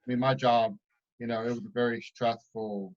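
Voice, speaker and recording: A man's voice: mid-range voice, normal speed. A man guest speaking earnestly about his work and faith in a casual interview, over a dull lo-fi video call. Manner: earnest, faith-tinged, builds to excitement. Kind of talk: casual testimony.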